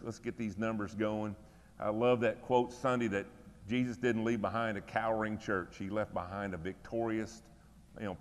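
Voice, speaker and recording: A man's voice: lowish voice, in a large hall. A middle-aged man serving as pastor, giving church announcements and prayer requests in a folksy, conversational, encouraging way in a church room.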